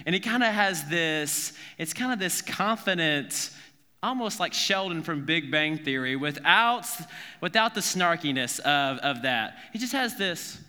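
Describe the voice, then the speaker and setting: A man's voice: high-pitched, expressive, moderate pace, bright, forceful tone, long reverb tail. A man from South Carolina preaching a conversational sermon, earnest and informal, often restarting his sentences. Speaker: pastor.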